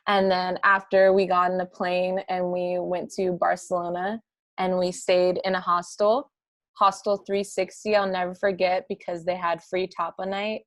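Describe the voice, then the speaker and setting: A woman sharing a travel story on a video call, halting with frequent pauses and fillers. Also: on the low side, dry recording. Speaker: game participant, former pro basketball player.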